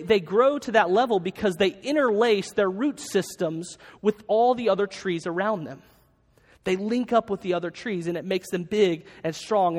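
Man, pastor, earnest sermon, halting delivery, long echo of a hall. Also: sits high. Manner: earnest, halting, with many restarts.

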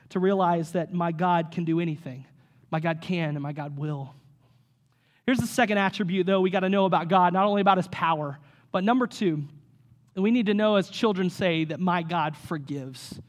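A pastor in his thirties with a high-sitting voice delivers a sermon in a lively, conversational style, tossing out rhetorical questions.

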